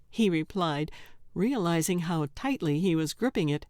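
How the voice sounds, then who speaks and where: A woman narrating an audiobook in a measured, deliberate storytelling manner. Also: fairly low pitch, expressive, a little mellow, no echo, studio quality.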